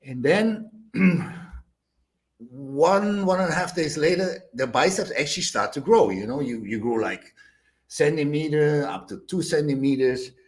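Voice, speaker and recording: An older man with a German accent, a bodybuilder guest telling animated stories, acting out quotes with loud bursts and laughter. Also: fairly high pitch, measured pace. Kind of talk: animated storytelling.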